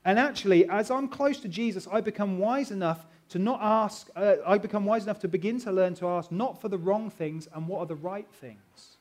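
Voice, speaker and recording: A middle-aged man preaching a sermon as pastor, earnest and animated, swinging between loud and soft. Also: sits high, a little fast, hardly any pauses.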